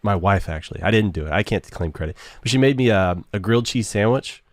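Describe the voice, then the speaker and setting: A man's voice: fairly low pitch, animated, fast, dry recording, clean studio sound. A man hosting a podcast, chatting in a laid-back way and laughing easily. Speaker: podcast host. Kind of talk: casual chat.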